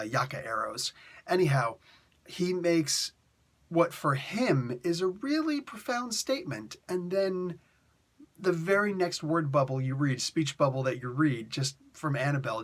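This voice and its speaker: A man reviewing a comic book in a casual, jokey way, often correcting himself mid-sentence. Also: medium pitch. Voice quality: animated, jokey, self-interrupting.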